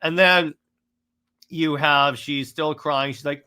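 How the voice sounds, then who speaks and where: A man's voice: fairly high pitch, steady tone, slow, sharp tone, clean tone. A man giving a casual, exasperated critique of a comic run, rambling with frequent restarts.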